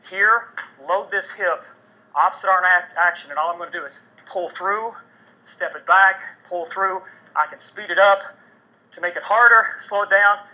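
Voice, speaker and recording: A man's voice: high voice, normal speed, bright, forceful tone, poor audio. A man working as a fitness trainer, demonstrating a workout and coaching energetically as he exercises during a TV segment, getting out of breath. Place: TV studio.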